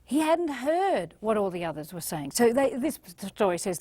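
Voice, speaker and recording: A middle-aged woman with an Australian accent gives a motivational seminar talk in an animated, emphatic way. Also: on the high side, moderate pace, hardly any pauses, no echo. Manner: animated, emphatic, acts out little scenes. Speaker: motivational speaker.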